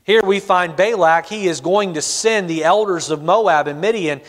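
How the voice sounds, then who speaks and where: A man's voice: high voice, moderate pace. A man preaching a sermon as pastor, asking the congregation questions and acting out their answers. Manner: asks the congregation questions, acts out their replies. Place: church auditorium. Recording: long church reverb.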